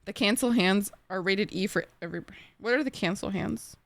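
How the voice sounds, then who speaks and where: Young woman streamer, Egyptian accent, animated casual chatter, dry close mic. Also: mid-range voice, moderate pace, no room sound. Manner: chatty, animated, laughs easily, bursts into song. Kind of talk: casual chat with viewers.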